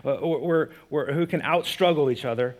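A pastor with a notably high voice preaching a sermon in a loose, conversational way. He talks with animation and often stumbles into restarts and repeated words as he goes. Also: moderate pace.

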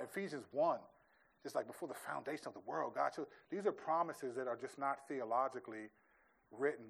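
A man's voice: medium pitch, slightly rough. A man speaking as a pastor in a church question-and-answer session, thinking aloud and often restarting his sentences.

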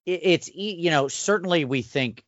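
A man's voice: a little high, lively intonation, moderate pace, no room sound. A man in casual chat as a podcast co-host and game master, explaining things thoughtfully and restarting his sentences. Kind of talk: casual chat about running tabletop games. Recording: dull dry recording.

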